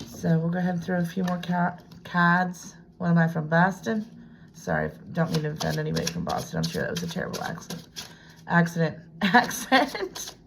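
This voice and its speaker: A woman's voice: sits low, expressive, fast, gravelly, slight background noise, low-quality recording. A woman doing a casual tarot reading at home, chatting to herself and dipping into whispers. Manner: chatty, self-talking, drifts into hushed whispers. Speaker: tarot reader. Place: home room with a piano desk.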